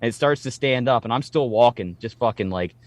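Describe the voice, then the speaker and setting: A man in his late thirties telling stories in casual podcast chat, animated and swearing freely. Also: medium pitch, brisk, no echo.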